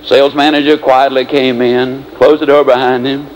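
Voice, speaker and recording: A man's voice: normal speed, a little hiss or hum, rough recording. A man giving a motivational speech, telling stories with big dramatic swings in his voice. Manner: animated storyteller, swings pitch dramatically. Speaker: motivational speaker.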